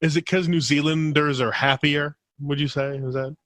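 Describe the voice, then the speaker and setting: A man's voice: a little high, steady tone, normal speed, a bit bright, no echo. A man hosting a podcast in casual chat, playful and teasing, cracking jokes. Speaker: podcast host.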